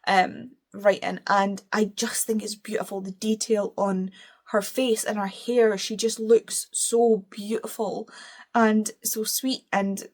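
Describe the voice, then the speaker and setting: A woman's voice: medium pitch, fairly even intonation, unhurried. A British woman talking casually as a book reviewer, opinionated and gushing, with playful self-deprecating apologies. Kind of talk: casual chat.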